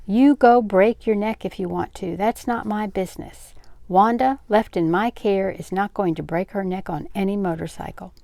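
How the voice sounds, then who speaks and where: A shrill, excitable middle-aged aunt, put on by an older woman reading a storybook, loud and emphatic in her fussing. The voice has a gravelly edge and sounds close and dry. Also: moderate pace, no echo, lightly acted. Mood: stern.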